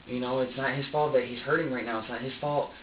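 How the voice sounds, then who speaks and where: A man's voice: mid-range voice, steady tone, fast, distant mic. A young man in his twenties speaks in an agitated, rambling, profane way during a police interrogation, restarting his sentences over and over. He is heard from across a roomy interview room. The recording is dull and lo-fi, with a faint hiss underneath. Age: 20s. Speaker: suspect being interviewed. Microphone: room camera from a distance.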